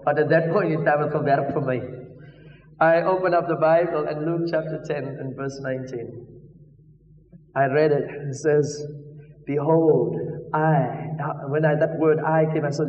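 Fervent South African preacher, high and echoing. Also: male voice, steady tone, normal speed. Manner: fervent preaching, swinging from hushed to shouted. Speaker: preacher giving testimony. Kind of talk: sermon testimony. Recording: echoey hall, distant muffled mic.

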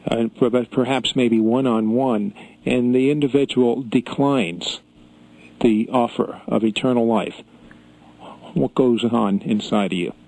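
A man's voice: mid-range voice, measured pace, vocal fry, a little mellow, dry recording, rough recording. A man hosting a talk show interview, putting plain, probing questions to his guest.

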